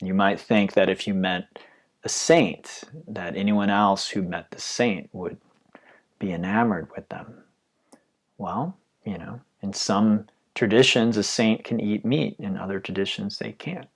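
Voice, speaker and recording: A man giving a calm, reflective dharma talk as a yoga teacher, his phrases often trailing off softly. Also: lowish voice, measured pace, husky.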